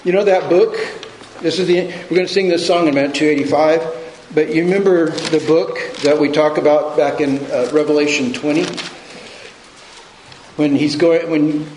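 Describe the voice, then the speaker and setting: Man, preacher, sermon, halting with restarts, echoey sanctuary, light background hiss. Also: on the high side, fairly even intonation, a little mellow. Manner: conversational, halting with restarts and repetitions. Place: church sanctuary.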